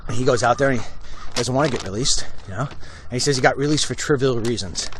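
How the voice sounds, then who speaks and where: A man's voice: mid-range voice, fast talker, a little hiss or hum. A man doing a heated, blunt political commentary on a walk-and-talk livestream outdoors, talking into a handheld phone. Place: outdoors on a street. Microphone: phone held while walking.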